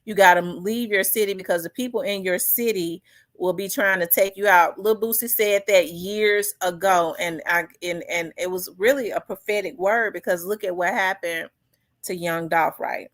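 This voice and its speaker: A middle-aged woman from Memphis with a Southern US accent hosts a casual commentary chat, answering viewer comments in loose talk packed with fillers and restarts. Her mid-range voice stays fairly even at a normal speed, with no room sound in the recording.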